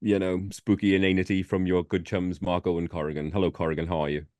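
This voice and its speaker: A man's voice: low-pitched, flat delivery, fast talker, darkish tone, no room sound. A man co-hosting a casual podcast, rambling with many fillers and the odd swear word. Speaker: podcast co-host.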